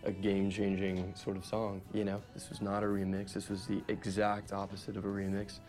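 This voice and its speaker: A man with a lowish voice and a flat, steady delivery makes his points emphatically in a documentary interview. Faint music plays under him. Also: brisk.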